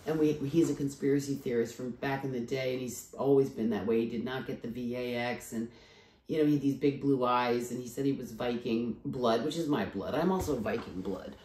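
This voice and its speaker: A low-pitched, mellow-toned woman from the East Coast rambles through a personal vlog, tired after travel and full of asides. Her voice rings a little in an echoey room. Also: a little fast. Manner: rambling, digressive, frequent restarts and asides. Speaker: vlogger.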